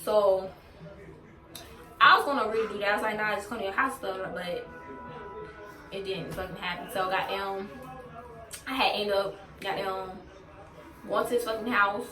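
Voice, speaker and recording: A woman's voice: mid-range voice, moderate pace, long pauses, over music. Woman ranting storytime, cussing nonstop, echoey room, kinda far off the mic. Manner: blunt, heavily profane venting. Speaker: vlogger. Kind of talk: casual storytime rant. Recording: roomy, distant from mic.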